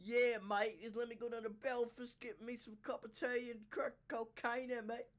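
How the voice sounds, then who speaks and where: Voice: medium pitch, fairly even intonation, unhurried, heavy background noise, voice pushed down, natural voice. A reaction host putting on a mock accent as a crude, rambling British pub bloke.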